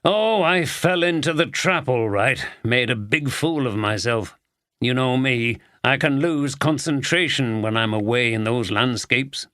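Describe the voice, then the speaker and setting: A man's voice: mid-range voice, lively intonation, unhurried, sharp tone, no echo, clean studio sound. A man voicing a weary, self-deprecating detective inspector in an audiobook.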